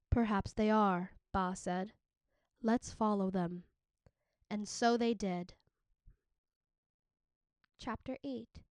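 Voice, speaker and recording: Female teacher, audiobook read-aloud, slow and crisp, dry close sound. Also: on the high side, no room sound. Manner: steady, clear storytelling.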